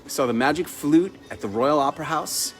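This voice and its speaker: A man telling a personal story in a chatty, lively way, laughing now and then. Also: on the high side, fairly quick, soft background music. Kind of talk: casual storytelling.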